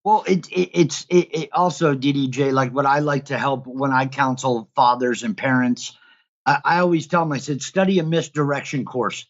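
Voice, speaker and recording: A man who is a guest, telling his own story in casual conversation and growing loud as he acts out what happened. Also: mid-range voice, moderate pace, muffled recording. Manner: animated, gets loud when re-enacting events. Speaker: guest, father who counsels other fathers. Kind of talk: casual conversation, recounting events.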